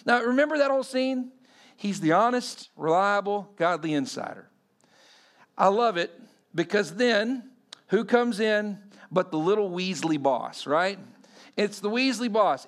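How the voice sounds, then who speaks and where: A pastor giving a sermon in a conversational way, often quizzing the congregation. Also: male voice, high voice, fairly bright tone.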